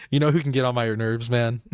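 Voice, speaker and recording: A man's voice: mid-range voice, steady tone, normal speed, smooth, no room sound, studio quality. A man streaming a game live, rambling and laughing as he talks to his chat.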